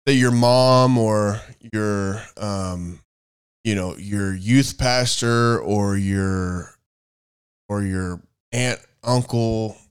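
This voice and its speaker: Smooth-voiced man in rambling faith talk. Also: fairly low pitch, very slow. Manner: rambling, thinks out loud and searches for words. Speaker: podcast co-host. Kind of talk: casual faith-based chat.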